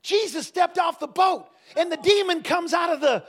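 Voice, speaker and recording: High, bright-voiced man preaching. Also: moderate pace. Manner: emphatic, swings into shouting and laughter, lively storytelling. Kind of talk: sermon. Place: church service with a congregation.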